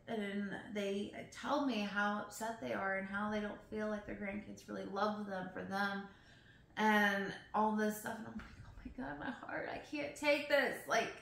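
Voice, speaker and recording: A young woman reading poems aloud slowly and expressively, breaking off into emotional, chatty asides. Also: mid-range voice, creaky, fairly bright tone. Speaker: poetry reader. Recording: roomy echo.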